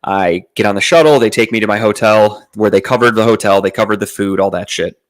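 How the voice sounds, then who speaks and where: Young guy on a podcast, kinda low voice, swearing a lot and rambling through a story with lots of uhs. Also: a little fast. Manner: profane, rambling, with frequent fillers and restarts. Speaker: podcast host. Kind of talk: casual storytelling.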